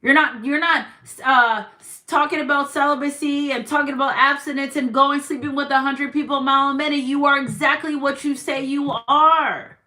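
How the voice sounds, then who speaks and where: A woman's voice: sits high, steady tone, normal speed, hardly any pauses, sharp tone. A woman doing a tarot reading for her viewers, encouraging them with repeated affirmations and quoting scripture. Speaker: tarot reader. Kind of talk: spiritual reading monologue.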